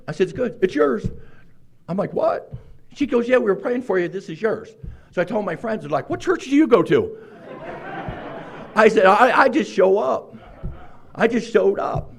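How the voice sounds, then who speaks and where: A man in his sixties telling his own recovery story to a meeting, acting out quoted lines with sudden jumps in pitch and loudness. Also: creaky. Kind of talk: personal recovery story told to a group.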